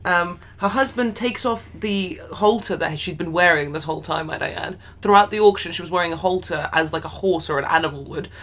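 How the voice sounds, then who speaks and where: A woman's voice: fairly low pitch, a little fast, few pauses, a bit bright. A woman, co-hosting a podcast and recapping a historical tale in a wry, matter-of-fact way. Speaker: podcast co-host. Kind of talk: casual history retelling.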